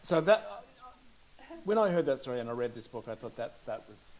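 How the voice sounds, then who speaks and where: A man's voice: medium pitch, big pitch swings, brisk, a little mellow, rough recording. A man interviewing an author about her book, thoughtful and reflective. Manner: thoughtful, reads aloud.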